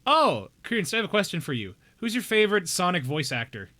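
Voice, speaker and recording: A young man chats casually with viewers while live-streaming a game, playful and jokey, talking straight to chat with bouts of mock outrage. His voice sits high and talks fast, with big pitch swings and a sharp tone.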